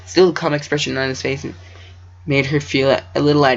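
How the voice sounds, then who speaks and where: A man's voice: medium pitch, steady tone, fairly quick, fairly bright tone. A man reading his own story aloud, stumbling over words and breaking off into joking asides. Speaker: amateur story reader. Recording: dull lo-fi recording.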